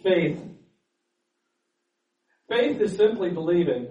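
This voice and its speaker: A pastor preaches a sermon earnestly, stumbling over repeated words before building up with fervor. His high voice is animated but slow, recorded in an echoey room with the mic at a distance and the highs cut off.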